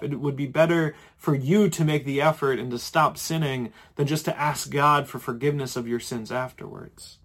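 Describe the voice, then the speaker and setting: A man's voice: fairly high pitch, steady tone, normal speed. Conversational male pastor preaching. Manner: conversational, repeats and restarts words. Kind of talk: sermon.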